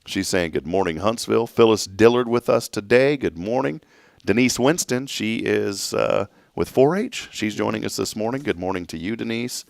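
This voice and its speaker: A man's voice: lowish voice, moderate pace, vocal fry, dry recording, clean studio sound. A man hosting a local morning show, reading a prepared message and viewer greetings in a casual, joking way. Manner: reads shout-outs to viewers, jokes with his co-host. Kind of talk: reading a sponsor message, then casual chat.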